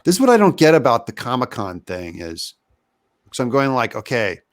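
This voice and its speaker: A man's voice: medium pitch, big pitch swings, moderate pace. A male guest in a casual podcast chat, joking dryly and thinking aloud. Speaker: guest, comic creator.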